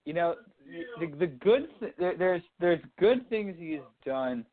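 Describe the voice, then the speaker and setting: Co-hosting a radio talk show, a young man from Dallas, Texas, chats about sports and politics in a high, very animated but unhurried voice. He rambles and keeps restarting his thoughts, and the sound has a phone-line quality.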